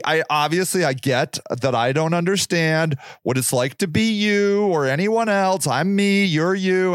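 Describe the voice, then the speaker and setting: A man in his forties hosting a rambling solo monologue, animated and exclamatory, with many restarts and rhetorical questions. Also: high voice, no echo. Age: 40s. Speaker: podcast host.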